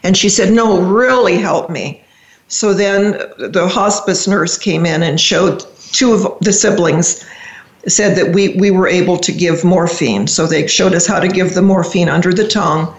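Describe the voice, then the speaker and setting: An older woman, a radio show guest, telling a personal family story in a reflective, halting, emotional way. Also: fairly low pitch, fairly even intonation. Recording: roomy echo.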